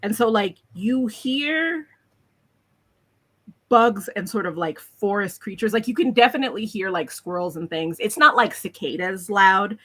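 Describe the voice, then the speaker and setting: A woman's voice: mid-range voice, expressive, a little slow, a bit bright. A woman narrating as game master, describing scenes in a chatty way with lots of fillers.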